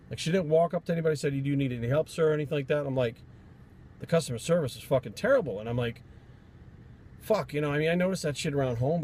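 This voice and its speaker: A man's voice: a little high, a little mellow. A man from Rhode Island, a fitness trainer, telling stories in a blunt, profane, rambling vlog rant.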